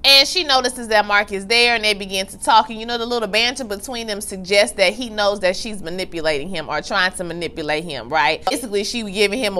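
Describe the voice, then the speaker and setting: A woman's voice: medium pitch, quick pace, few pauses, pushed and bright. A woman giving a sassy, emphatic casual recap of a TV episode, acting out the characters' lines. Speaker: TV recap vlogger.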